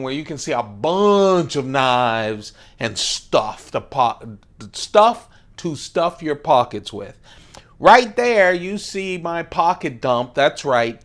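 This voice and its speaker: Slow, playful higher-voiced man. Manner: playful, enthusiastic, chuckling, drawn-out emphasis. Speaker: host of an everyday-carry knife channel. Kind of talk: casual show-and-tell vlog.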